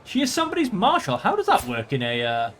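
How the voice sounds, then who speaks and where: A man's voice: sits high, wildly swooping pitch, fast talker, a bit bright, a little hiss or hum. A man hosting a let's play, commenting on a strategy game and slipping into mock-archaic, theatrical speech as his ruler. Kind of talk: gameplay commentary with role-play.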